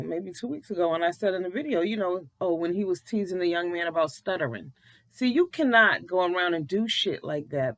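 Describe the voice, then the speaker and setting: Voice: mid-range voice, pushed and bright, no room sound, low-quality recording. Blunt, profane early-morning vlogger. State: just woke up, early-morning voice. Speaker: commentary vlogger. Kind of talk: casual commentary.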